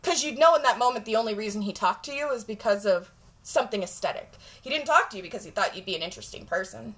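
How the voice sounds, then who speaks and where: A woman's voice: medium pitch, animated, quick pace, fairly bright tone. A woman vlogger talking straight to camera in a blunt, profane, emphatic rant. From Jamaica.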